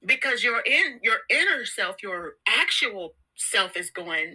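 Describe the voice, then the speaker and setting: Bright-voiced woman giving casual pep talk. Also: mid-range voice, big pitch swings, takes it slowly, few pauses, breathy edge, rough recording. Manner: candid, laughs often, repeats words; slangy, informal. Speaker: self-help vlogger. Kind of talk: casual motivational monologue.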